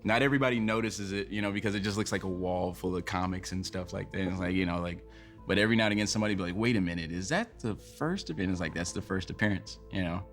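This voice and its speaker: A laid-back man with a fairly low voice chats as an interview guest, drifting through fillers as he talks. Faint music sits beneath him. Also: fast, fairly bright tone. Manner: laid-back, many fillers like "you know" and "like". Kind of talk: casual interview answers.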